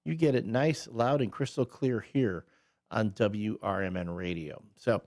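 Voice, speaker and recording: A man's voice: lowish voice, a little slow, darkish tone. A man co-hosting a morning radio show in a studio, talking loosely with fillers and restarts. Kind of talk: casual morning radio chat. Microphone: studio microphone.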